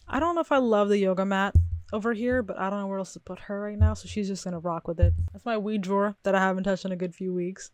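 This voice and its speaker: A woman's voice: mid-range voice, darkish tone, dry recording. A young woman vlogging from her bedroom in a chatty, rambling, self-reflective way, laughing often. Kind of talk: casual chat to camera.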